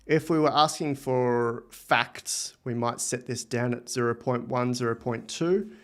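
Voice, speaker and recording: A man with an Australian accent hosting a live software demo, thinking aloud with enthusiasm as he types and explains. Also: medium pitch, measured pace. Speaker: livestream host.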